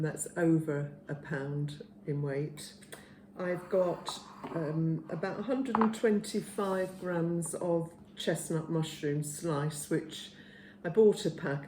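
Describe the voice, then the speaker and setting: An older woman in her seventies talks through a home recipe in a low, mellow voice, taking her time with little fillers along the way. Her kitchen gives the sound a roomy echo, with a faint hum of ambience behind her. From England. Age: 70s. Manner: chatty, homely, unhurried with fillers. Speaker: home cook, channel host. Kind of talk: casual cooking demonstration.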